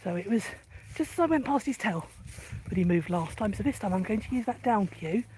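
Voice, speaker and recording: Here a woman trains her dog live, explaining each move calmly and briskly, then switching to high-pitched, effusive praise. A slight hiss or hum sits under the audio.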